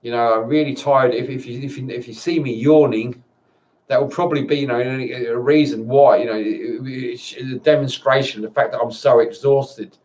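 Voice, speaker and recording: A man in a personal video monologue, tired and upset, talking in halting bursts with repeated words and frequent swearing. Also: mid-range voice, fairly even intonation, a little mellow. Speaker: vlogger. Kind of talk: emotional personal monologue to camera.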